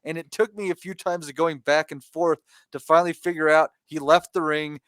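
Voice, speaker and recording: Brief: male co-host, high voice, dry sound, stumbling anecdote. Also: steady tone, a little fast, a bit bright, no room sound. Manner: rambling, stumbling, laughing. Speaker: podcast co-host. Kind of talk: casual storytelling.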